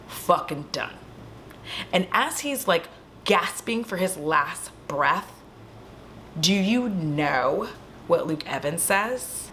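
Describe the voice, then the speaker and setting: Chatty woman with a low voice, swearing through a recap. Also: slow, pauses often, a little hiss or hum. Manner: animated, swears freely, chatty asides to viewers. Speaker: horror movie recap vlogger. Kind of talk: casual profane movie recap. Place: at home.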